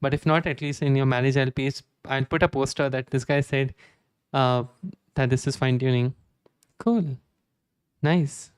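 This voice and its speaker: A man's voice: medium pitch, steady tone, normal speed, clear, resonant tone, no room sound. Man in his 20s, casual streamer chat, self-deprecating, dry close-mic sound. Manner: chatty, self-deprecating, stammering restarts. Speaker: live coding streamer.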